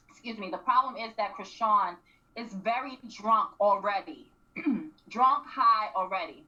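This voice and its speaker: Bright animated woman on lo-fi radio. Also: mid-range voice, takes it slowly, pauses often. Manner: animated, acts out quotes, frequent throat clearing. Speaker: radio show co-host. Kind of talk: casual recap chat. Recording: distant, dull lo-fi radio mic.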